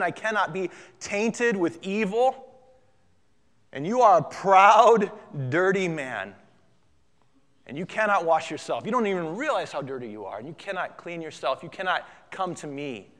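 A man voicing Jesus as a calm, reassuring divine teacher who speaks softly and earnestly. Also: a little high. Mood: firm. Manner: soft and pleading. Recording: long hall reverb.

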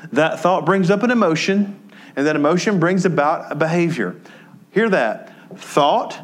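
A male pastor preaches a sermon through a story, his voice dropping soft and low when he is moved, then rising into emphatic teaching.

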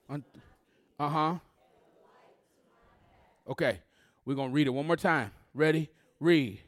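A male pastor preaching with a fairly high voice. He calls to the congregation and draws responses from them, dropping to a hush and then building loud again. The sound is close and dry. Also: a little slow, pauses often, no room sound. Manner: call-and-response preaching, swinging between hushed and loud. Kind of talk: sermon.

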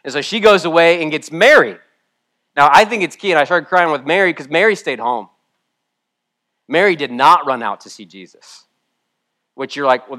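Male pastor, tearful sermon, swings between soft reading and loud pleading. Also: on the high side. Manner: emotional, swings from hushed to loud. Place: church room with a congregation.

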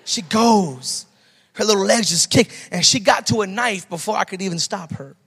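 A male pastor preaches with a notably high voice, leaning hard on repeated phrases to drive each point home. His words ring out with a long reverb tail that fills the church around him. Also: moderate pace, vocal fry, fairly bright tone, slightly rough. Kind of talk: sermon.

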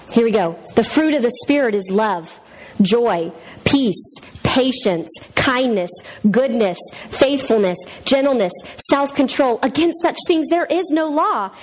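High-voiced woman telling animated stories. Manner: animated, acts out quoted voices. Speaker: women's speaker. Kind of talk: humorous teaching talk with personal stories. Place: church.

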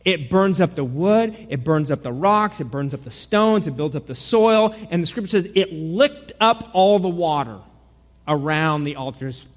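Casting: male pastor, sermon delivery, high-pitched, lively and joking, recorded with long hall reverb. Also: normal speed. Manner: animated, joking, many repeated starts.

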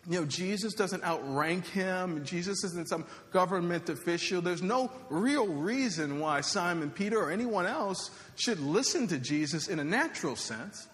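Male pastor, conversational sermon with joking asides; high-pitched, reverberant hall. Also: lively intonation, normal speed, few pauses, fairly bright tone.

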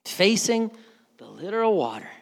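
Animated male pastor preaching. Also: high-pitched, normal speed, gravelly, big-room sound. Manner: animated, joking, acts out quoted voices. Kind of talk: sermon.

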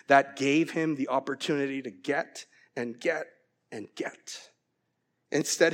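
A male pastor delivering a sermon in a high, light voice. He is animated, climbing into excited, louder stretches and then dropping to near-hushed, intense lines. He grew up abroad before becoming a citizen. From from outside the US, naturalized American. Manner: animated, swings from loud to hushed.

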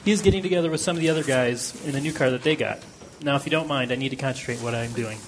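A man's voice: mid-range voice, racing, a little hiss or hum, natural voice. A man playing an absent-minded, distracted husband and father in a church skit.

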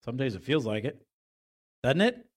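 A man preaching a sermon in a conversational way, growing animated when he retells the passage in everyday words. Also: medium pitch, normal speed. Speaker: pastor.

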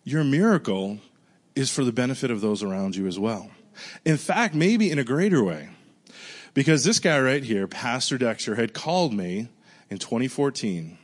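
Earnest male pastor telling a story. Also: normal speed. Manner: conversational and earnest, dropping to a hushed voice for prayers; bursts of excited high-pitched exclamation. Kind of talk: storytelling sermon.

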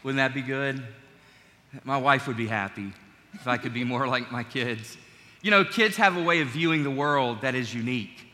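In a large church, a middle-aged man serving as pastor delivers his sermon in a conversational, joking style with the congregation. His mid-range voice moves at a normal speed and sounds bright and forceful, with a long church-hall reverb around it.

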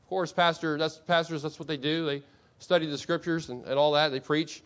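Male pastor, sermon delivery, slightly high voice, reads quotes slowly for emphasis; muffled low-fidelity sound. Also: fairly even intonation, a bit bright. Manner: asks the congregation many rhetorical questions.

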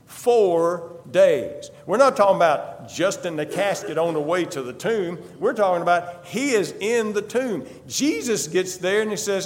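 A male preacher tells a Bible story in the first person, emphatic and dramatic. His voice is high and swoops widely in pitch. The church gives each line a long reverberant tail. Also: animated, normal speed, few pauses. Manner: emphatic, repeats a refrain.

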